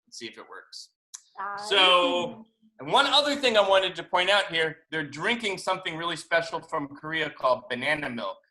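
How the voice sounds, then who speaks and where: A man, a children's book author, reading a picture book aloud to young children over a video call, animated and chatty, in an echoey room. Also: on the high side, normal speed. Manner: animated, chatty storytelling to kids.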